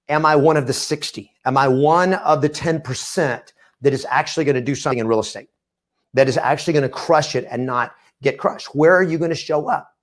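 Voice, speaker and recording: Emphatic middle-aged man coaching agents. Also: a little high. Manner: emphatic, repetitive, punchy delivery. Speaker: real estate coach. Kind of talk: motivational webcast presentation. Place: studio.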